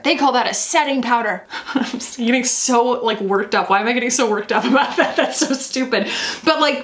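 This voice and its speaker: A woman chatting casually as a beauty vlogger, animated and often laughing, alone in a room talking to a camera. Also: fairly high pitch, roomy sound. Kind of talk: casual makeup review vlog.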